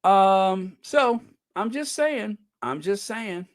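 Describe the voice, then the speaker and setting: A man hosting a casual livestream, chatting about news in a sarcastic, gossipy, animated way and laughing often. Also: sits high, takes it slowly. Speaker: livestream host.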